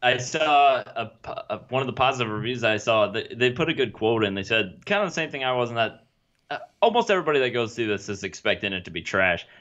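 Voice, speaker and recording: A man's voice: mid-range voice, animated, quick pace, fairly bright tone. Man with dry quips on a dull mic. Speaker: podcast co-host. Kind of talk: casual movie review chat.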